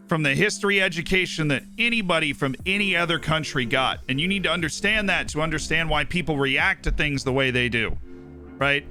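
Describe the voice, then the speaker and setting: This American man from Tampa has a high voice that sounds pushed and bright. Streaming a football management game, he rambles in casual chat, constantly adding asides and tacking on "right?"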